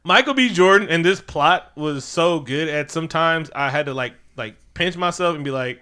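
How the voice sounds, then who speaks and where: A man's voice: a little high, normal speed, few pauses, clear, resonant tone. A man co-hosting a podcast, recapping a film in casual chat and acting out the characters with laughter. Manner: animated, acts out characters with laughs. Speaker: podcast co-host. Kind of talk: casual movie review chat.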